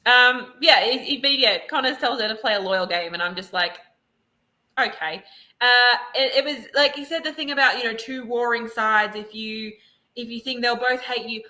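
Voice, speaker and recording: A woman co-hosting a casual podcast chat, her voice very bright and sharp. She sits a touch high in pitch and talks in quick, chatty asides as she recaps scenes. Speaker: podcast co-host.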